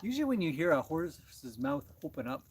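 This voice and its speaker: Host, male, casual livestream chat beside a horse, somewhat high voice, slight outdoor noise. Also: very animated, brisk, vocal fry. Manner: chatty, talks to his animals between thoughts.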